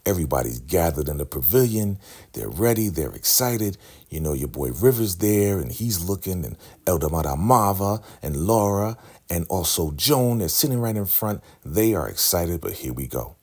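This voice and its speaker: A deep-voiced man hosts a casual recap vlog with a husky edge. His pitch swings widely as he retells scenes. He laughs along and jumps into the characters' lines. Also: big pitch swings, normal speed, a little mellow. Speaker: recap host.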